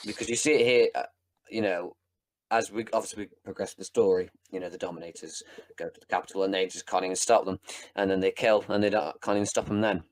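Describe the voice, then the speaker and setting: A man co-hosting a casual podcast review, talking bluntly and swearing freely, sometimes acting out scenes in quick voices. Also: sits low, fairly even intonation. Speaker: podcast co-host. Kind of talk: casual chat, episode review.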